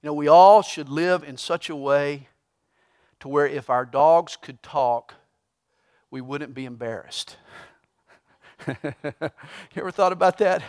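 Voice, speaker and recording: Pastor, male, high voice, reads verses then explains them with folksy humor. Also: slow pace, long pauses. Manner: preaching with humor, tells a joke with rising excitement. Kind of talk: sermon.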